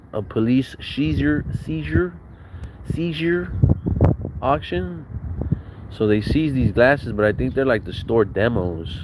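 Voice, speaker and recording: Profane young man telling stories, noisy recording. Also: mid-range voice. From Southern California. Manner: profane, slangy storytelling. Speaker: vlogger. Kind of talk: casual storytelling.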